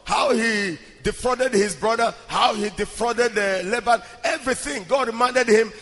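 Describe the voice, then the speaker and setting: A man preaching a fervent sermon in a very high, bright voice. He rises into shouts and rhythmic chanting. The sound rings with long hall reverb. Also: moderate pace.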